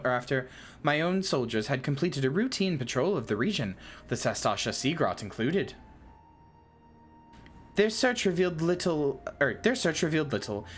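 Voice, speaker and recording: A woman voicing a stiff, formal male naval commodore, reading game dialogue in a stately, measured way. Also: deep voice, a little hiss or hum, pitched above the performer's own voice.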